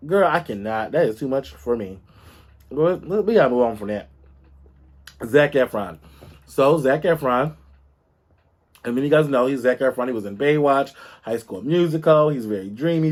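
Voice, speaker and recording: A man hosting a casual gossip podcast in a sassy, animated way, calling his listeners girl and baby. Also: mid-range voice. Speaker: podcast host.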